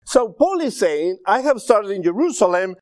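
Middle-aged male preacher, native Spanish speaker with an accent, chatty sermon style, pitched a bit high. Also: sing-song, moderate pace, darkish tone, no room sound, clean studio sound. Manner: conversational, checks in with the audience.

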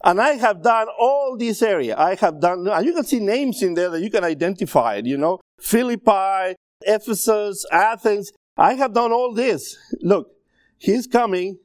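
A man's voice: high voice, expressive, moderate pace, no echo, clean studio sound. A middle-aged man with a Spanish accent, a native Spanish speaker, preaching a sermon in a conversational way and often checking in with his listeners.

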